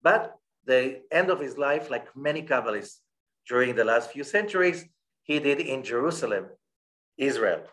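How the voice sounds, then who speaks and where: Teaching Torah, a male rabbi races through Hebrew passages and then explains them in English, frequently asking listeners "okay?" to check in. His expressive voice is mid-range with a fairly bright tone.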